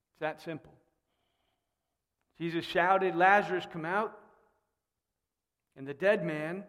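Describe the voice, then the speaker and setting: A man preaching a sermon in a church, animated and fond of rhetorical questions. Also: a little high. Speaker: pastor. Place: church sanctuary. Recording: long reverb in a church hall.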